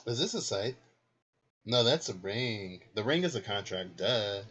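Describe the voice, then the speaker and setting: A man's voice: lowish voice, lively intonation, measured pace, a bit bright, slightly rough. A man giving a casual card reading, chatty and thinking aloud as he goes. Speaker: card reader. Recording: dull lo-fi recording.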